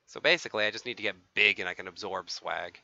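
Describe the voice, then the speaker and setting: A man giving excitable live gameplay commentary as a streamer, swearing and taunting other players. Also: lowish voice, quick pace, creaky, no echo. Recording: dull lo-fi stream audio.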